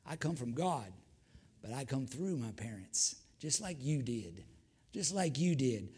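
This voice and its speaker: A man's voice: mid-range voice, big pitch swings, a little slow, a little mellow, slightly rough. An older man, preaching a sermon as pastor, fervent with repeated hallelujahs and folksy asides.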